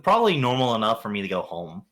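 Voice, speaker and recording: A man's voice: fairly low pitch, huge pitch swings, fast talker, fairly bright tone. A man playing his character in a tabletop game, rambling in a drawling way. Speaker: player. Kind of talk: casual in-character role-play.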